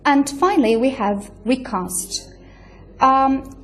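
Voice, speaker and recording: A woman's voice: high voice, animated, takes it slowly. A woman giving a university lecture, explaining step by step with many fillers and checking in with "right?". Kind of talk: recorded lecture.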